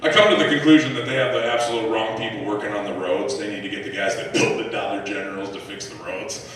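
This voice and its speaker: A man performing a profane, animated stand-up set on a live comedy club stage, acting out voices and shouting punchlines. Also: lowish voice, fast talker. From United States. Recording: echoey club room recorded from a distance. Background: audience laughter.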